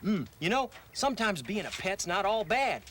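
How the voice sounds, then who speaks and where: A man's voice: high voice, sing-song, normal speed, fairly bright tone, a little hiss or hum. A man voicing an eager pet dog who begs for a walk. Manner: eager, pleading.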